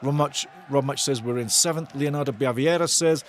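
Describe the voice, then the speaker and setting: A man hosting a live football watch-along, shouting and swearing excitedly while calling the play and reading out chat messages. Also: mid-range voice, fairly quick, slight background noise. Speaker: watch-along host and fan commentator. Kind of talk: live fan match commentary, reading chat.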